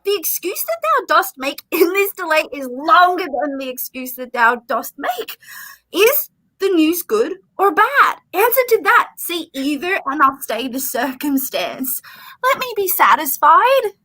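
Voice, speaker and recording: A woman's voice: extremely high pitch, very animated, measured pace, bright, forceful tone, full character voice, rough recording. A woman playing an impatient young girl in love in a Shakespearean stage drama, pleading and theatrical. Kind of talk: Shakespearean stage acting over video call.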